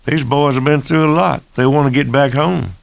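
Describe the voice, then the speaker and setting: A man voicing a calm older male county sheriff who speaks patiently in rustic dialect. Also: medium pitch, moderate pace, vocal fry, natural voice.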